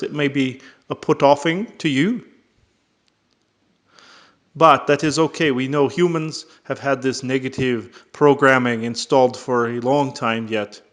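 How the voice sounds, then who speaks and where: A man voicing a tall male alien trader in a halting, formal way with a faintly Russian-like accent. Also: medium pitch, fairly bright tone, natural voice. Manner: slow, halting, formal phrasing.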